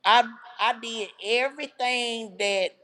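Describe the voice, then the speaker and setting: A woman talks straight to her livestream viewers. Her voice sits a little high, and her storytelling is heartfelt and chatty, full of asides to the chat. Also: fairly even intonation, takes it slowly, a bit bright. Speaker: livestream host.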